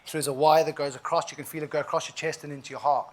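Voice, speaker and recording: A man's voice: a little high, little pitch movement, rapid-fire. A man of about forty with a South African accent, giving an inspirational keynote and telling his story in a vivid, emphatic way with frequent asides. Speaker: keynote speaker.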